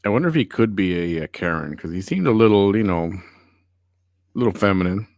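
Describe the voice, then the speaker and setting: Brief: male podcast host, low voice, dry close sound, sarcastic banter. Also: lively intonation, moderate pace, darkish tone, dry recording. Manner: wry, sarcastic. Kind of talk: casual chat reading viewer comments.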